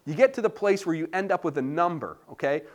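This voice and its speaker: Male pastor, sermon delivery, somewhat high-pitched, playful and animated. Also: fast. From Canada. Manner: animated, playful, with asides to the congregation.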